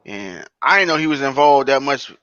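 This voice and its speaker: A man's voice: medium pitch, lively intonation, normal speed, pushed and bright, dry recording. Earnest man on a dull, dry mic. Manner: earnest, explains at length. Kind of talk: casual chat.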